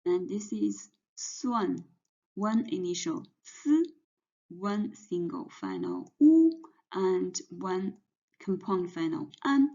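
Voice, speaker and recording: A woman's voice: mid-range voice, very animated, slow, dark tone. A woman teaching pinyin pronunciation, patiently spelling out each sound and then blending the sounds together. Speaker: Chinese language teacher. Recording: dull, muffled lo-fi audio.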